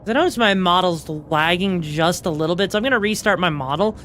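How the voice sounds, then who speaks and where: A young woman streaming a video game, reacting excitedly, swearing freely and tossing in fillers and tag questions. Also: fairly low pitch, fairly quick, slight background noise. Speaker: VTuber streamer. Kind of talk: live gameplay commentary.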